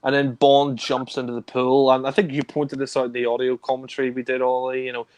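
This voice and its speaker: A man's voice: medium pitch, completely flat delivery, fairly quick, dry recording. A man co-hosting a casual film discussion, rambling with many fillers, laughing and swearing. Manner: mimics characters in raised voice. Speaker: film review co-host.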